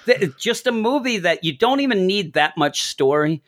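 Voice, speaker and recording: Male podcast co-host, lively swooping delivery, dry close mic. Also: normal speed, dry recording. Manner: animated, jokey, acts out quotes with big pitch swings. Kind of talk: casual comic book podcast chat.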